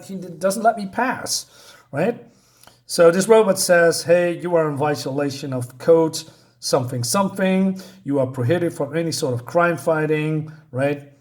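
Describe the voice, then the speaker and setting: A man casually recapping a comic book issue, reading out the characters' lines, with lots of fillers and a way of talking. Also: on the high side. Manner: retells the plot, reads out character lines with many fillers and laughs.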